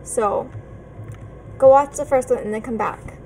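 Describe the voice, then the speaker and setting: A woman's voice: fairly high pitch, measured pace, darkish tone, a little hiss or hum, poor audio. A woman hosting a horror game let's play, nervous and hesitant, with many ums and pleading asides. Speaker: gaming channel host.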